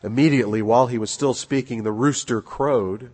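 A man preaching in a church, his voice a little husky and breathy. He speaks earnestly and repeats key phrases to drive them home, at a middling pitch, with a long reverb trailing each phrase through the room. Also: fairly quick, darkish tone. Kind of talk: sermon. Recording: long echoing hall reverb.

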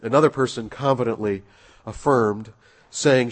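A man preaching in a church, his voice a little husky and breathy. He speaks earnestly and repeats key phrases to drive them home, at a middling pitch, with a long reverb trailing each phrase through the room. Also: animated, unhurried, pauses often. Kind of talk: sermon. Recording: long echoing hall reverb.

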